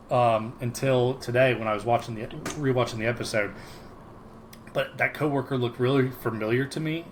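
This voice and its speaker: A man's voice: mid-range voice, a little hiss or hum, rough recording. A man co-hosting a podcast, casually recapping a sitcom episode, rambling with many ums and frequent laughs. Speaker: podcast co-host.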